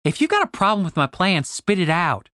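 A man playing a cocky, quick-witted young woman warrior who teases her companions, in a fantasy audiobook. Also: fairly low pitch, sing-song, a bit bright, dry recording, studio quality. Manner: bold, quick-witted, teasing.

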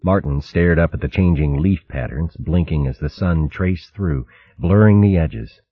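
A man's voice: a bass voice, unhurried, no echo, phone-quality sound. A man reading a storybook aloud as narrator, telling it expressively. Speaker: audiobook narrator. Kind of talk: scripted narration.

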